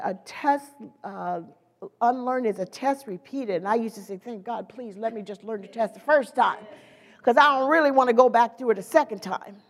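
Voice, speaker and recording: A woman preaching a sermon in a lively, conversational way, with playful asides to the congregation. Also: on the high side, in a large hall.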